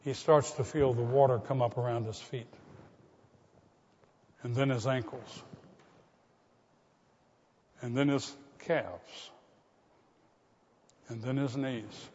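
A male pastor preaching, swinging between near-whispered lines and loud, urgent calls. His voice is medium in pitch. It comes through a dull, muffled recording with a long reverb trailing off the hall walls. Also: steady tone, takes it slowly, pauses often, breathy edge. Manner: dramatic shifts from hushed to loud. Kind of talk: sermon.

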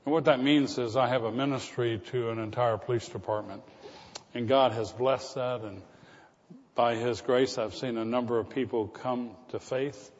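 Storytelling preacher in a reverberant church. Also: male voice, medium pitch, steady tone, moderate pace, darkish tone. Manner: storytelling preacher, rising to emphatic repetition. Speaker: pastor. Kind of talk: sermon. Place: church sanctuary. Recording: muffled church recording with long reverb.

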